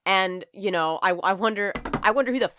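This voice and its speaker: A woman's voice: mid-range voice, brisk, fairly bright tone, slight background noise. A woman in her twenties telling a personal story on her vlog, candid and profane, acting out scenes as she goes. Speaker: vlogger.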